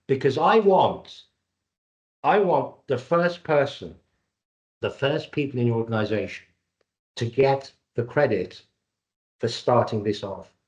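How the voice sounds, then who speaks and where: Jokey man presenting a webinar. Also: mid-range voice. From Cyprus and Britain. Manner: jokey, salesman-like. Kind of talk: live webinar talk. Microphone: video call. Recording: dull lo-fi webinar audio.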